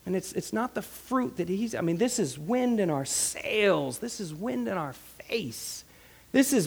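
A man preaching a sermon with animated delivery, jumping between loud emphasis and hushed asides, voicing quotes with character. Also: sits high, moderate pace, creaky, breathy edge, long reverb tail. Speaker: pastor.

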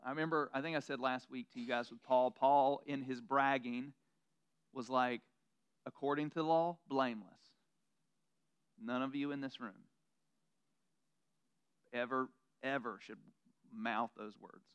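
A pastor preaching a sermon in a conversational, self-deprecating way, slipping into mocking quoted asides. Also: male voice, mid-range voice, fairly even intonation, unhurried, pauses often, fairly bright tone, clear, resonant tone, dull audio.

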